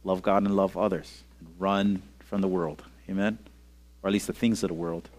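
A man's voice: deep voice, steady tone, normal speed, darkish tone. A male pastor giving a casual, conversational sermon to young people, often asking "okay?" and "amen?" and leading them in call-and-response. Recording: audio-only sermon recording.

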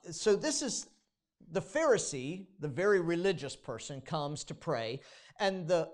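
Male pastor, informal sermon delivery with frequent restarts, dramatizes prayers in a raised voice. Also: fairly high pitch.

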